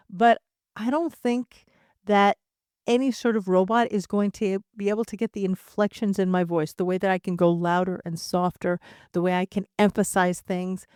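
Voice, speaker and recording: Smooth-voiced woman podcast host. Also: medium pitch, a little mellow, no echo, clean studio sound. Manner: conversational, emphatic, laughs now and then. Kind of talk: solo podcast talk.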